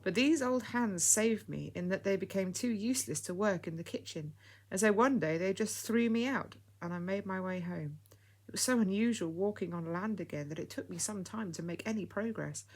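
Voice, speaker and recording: Gentle old lady, fond and soft, as a woman reads her. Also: on the low side, moderate pace, voice pushed up. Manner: soft, fond, calls people dear.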